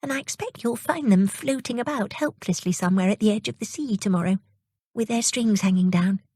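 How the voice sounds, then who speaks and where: A woman voicing a kindly young sea fairy girl in a storybook reading, speaking softly with a high, lilting lift. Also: brisk, husky, no room sound, clean studio sound, close to an everyday voice. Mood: gentle.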